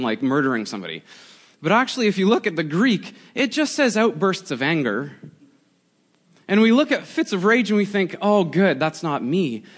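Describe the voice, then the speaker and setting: 40s guy pastor preaching, chatty storytelling, kinda high voice. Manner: conversational storytelling, animated. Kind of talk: sermon.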